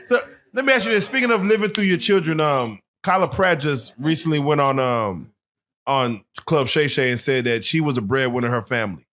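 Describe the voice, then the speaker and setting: A man hosting an interview, relaxed and agreeable, asking his guest questions. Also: a little high, fairly quick. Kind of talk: casual interview talk.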